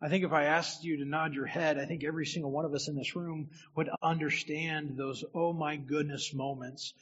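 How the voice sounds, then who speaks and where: A man's voice: fairly high pitch, little pitch movement, brisk, a bit bright, husky, highs cut off. A man who is a minister, giving a sermon as a personal story and speaking directly to the people in the room.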